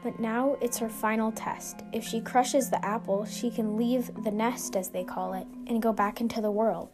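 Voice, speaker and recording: A woman's voice: a little high, steady tone, moderate pace. A woman hosting a show, narrating a scripted suspense story in an earnest, suspenseful way. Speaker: storyteller and podcast host. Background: music.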